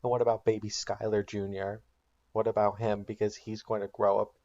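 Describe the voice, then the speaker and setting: A man's voice: fairly low pitch, little pitch movement, fairly quick, a little mellow, muffled recording, natural voice. Man voicing a weary pleading mother.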